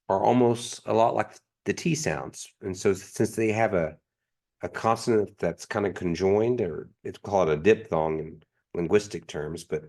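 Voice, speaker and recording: A man teaching a language class, patiently repeating each sound three times in a pronunciation drill. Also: low-pitched.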